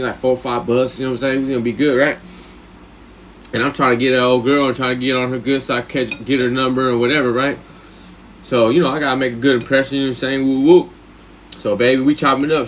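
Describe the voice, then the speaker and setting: Profane, rambling male storyteller. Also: slight background noise. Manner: profane, slang-heavy, rambling with filler questions; jumps much higher in pitch when quoting himself. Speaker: live streamer. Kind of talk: casual storytelling on a live stream.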